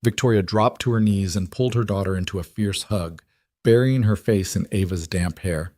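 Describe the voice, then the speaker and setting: Low-voiced man narrating a story. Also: normal speed, a little mellow, dry recording, studio quality.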